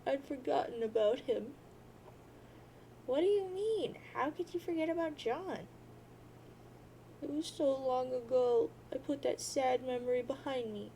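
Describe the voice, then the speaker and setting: A woman's voice: high-pitched, creaky, mellow, slight background noise, poor audio. A woman voicing a grieving, lost teenage girl who sobs and wails. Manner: sobbing, wailing drawn-out boo-hoos.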